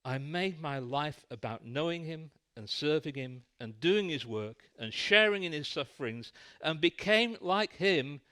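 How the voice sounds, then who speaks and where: A man's voice: fairly high pitch, animated, a little slow, few pauses, pushed and bright. A man preaching a sermon in a church, telling a light-hearted story.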